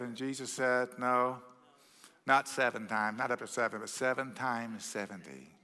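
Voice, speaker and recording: A Texan-accented pastor preaches a sermon in a church sanctuary, telling a story with animation and performing the quoted voices himself. His medium-pitched voice is pushed and bright, and the recording carries the long reverb of a church hall.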